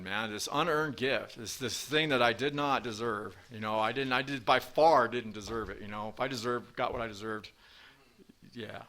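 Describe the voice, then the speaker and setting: A man's voice: medium pitch, moderate pace, pushed and bright. A man telling his recovery story at a meeting, rambling with lots of fillers and restarts. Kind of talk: personal recovery talk. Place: meeting room with audience.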